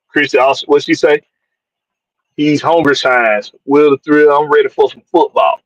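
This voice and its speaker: A man's voice: a little high, fairly even intonation, normal speed, dry recording, muffled recording. A man from hosts a casual live-stream sports show, loose and jokey, reading out viewers and tossing in "man" all the time. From Georgia, USA. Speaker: podcast host.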